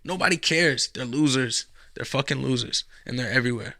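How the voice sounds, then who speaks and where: A gravelly man with a bright, forceful edge gives blunt, profane commentary while reacting to a video. He rants casually. His voice is close and dry, with no room sound. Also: mid-range voice, brisk, no room sound.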